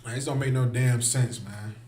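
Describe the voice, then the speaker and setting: A man's voice: mid-range voice, fairly even intonation, mellow, a little hiss or hum. Fired-up preacher man, echoey room. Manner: heated, preachy, rhetorical questions, drawn-out "man". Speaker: street preacher. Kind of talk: impassioned religious street talk.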